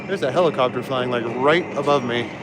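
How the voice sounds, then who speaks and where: Walking outdoors through the city, a young man from Canada keeps his stream relaxed, reading his chat aloud and answering with frequent chuckles. He talks a little fast at a medium pitch, with background noise behind him.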